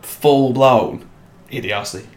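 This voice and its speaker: Animated storytelling man in echoey room. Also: mid-range voice, slow pace. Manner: animated storyteller, acts out quotes, swears. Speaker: podcast co-host. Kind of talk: casual chat.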